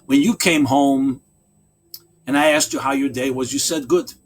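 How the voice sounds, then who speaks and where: A man's voice: mid-range voice, big pitch swings, moderate pace, creaky. A man voicing a frustrated wife who lays out her grievances in a pleading tone. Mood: aggrieved.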